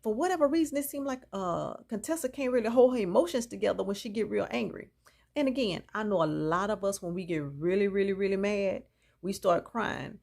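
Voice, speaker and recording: Gossipy lady doing a reality show recap, gravelly fry in her voice, super opinionated. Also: medium pitch, lively intonation, brisk, a little mellow. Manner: opinionated, chatty, mixes in reactions.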